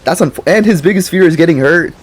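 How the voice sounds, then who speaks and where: A man's voice: a little high, fast talker. A young man giving a casual, slangy movie reaction, rambling and laughing often. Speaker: YouTuber.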